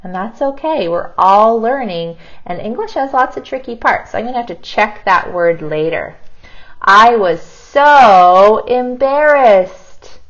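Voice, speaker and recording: A woman teacher modeling kindergarten writing, thinking aloud and slowly sounding out each word as she writes. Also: fairly low pitch, highs cut off. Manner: slow, sounds words out while writing.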